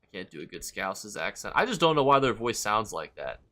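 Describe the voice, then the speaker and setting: A man streaming a game live, chatting with viewers and reacting loudly and with swearing to the action. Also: lowish voice, sing-song, fairly quick. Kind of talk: live gameplay commentary.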